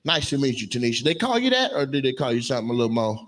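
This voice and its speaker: A man's voice: mid-range voice, sing-song, racing, a bit bright. A man doing stand-up crowd work, teasing audience members in brash, profane banter on a live stage mic. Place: live comedy venue. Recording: noisy live venue sound.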